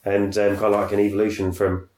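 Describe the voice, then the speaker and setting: A man co-hosting a casual podcast chat about TV, animated and fond of acting out quotes. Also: quick pace. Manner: animated, acts out quotes in a high voice. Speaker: podcast co-host. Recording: echoey room.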